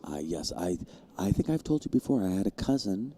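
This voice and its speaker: A man's voice: a little fast, slight background noise. A man commentating a live pool match with a jokey, self-mocking manner. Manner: jokey, self-mocking, jumps to high excited bursts.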